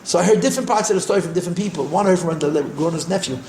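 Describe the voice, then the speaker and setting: An older man, a rabbi, telling stories in a repetitive, animated way and sprinkling in Yiddish and Hebrew terms. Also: sits high, very fast, a little hiss or hum. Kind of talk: storytelling talk. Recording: echoey room.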